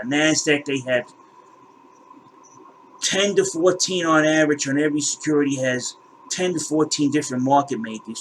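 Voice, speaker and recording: Indignant male host, slightly high voice, swears and stumbles over repeats, faint hiss behind. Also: rough recording. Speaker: crypto channel host. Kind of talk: ranting screen walkthrough.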